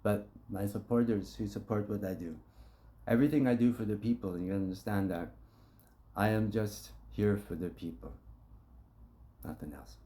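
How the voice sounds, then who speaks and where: A man's voice: on the low side, normal speed, pauses often, mellow. A man telling a story to his supporters in a blunt, profane, impassioned monologue, acting out the dialogue. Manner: blunt and profane, acts out quotes.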